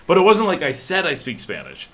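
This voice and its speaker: A man hosting a casual livestream, telling stories in a relaxed way and reading out viewer comments. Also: on the high side, fairly quick, a loud crowd. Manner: relaxed storytelling, reads viewer comments aloud. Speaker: livestream host.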